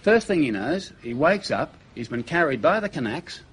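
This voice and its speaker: Animated Australian comic with a slightly high voice, telling gags in a noisy studio. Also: male voice, moderate pace. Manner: lively storytelling with character voices. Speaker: comedian. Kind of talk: stand-up joke telling.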